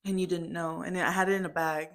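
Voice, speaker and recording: A woman's voice: on the low side, flat delivery, quick pace, a bit bright. A young woman telling her mother a family story in casual chat, full of "like" and "um" fillers.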